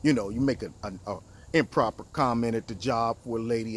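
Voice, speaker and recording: A man hosting his own political commentary show, talking in an animated, mocking way and acting out the people he quotes. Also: medium pitch, fairly quick, slight background noise. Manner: animated, mocking, acts out quotes in different voices.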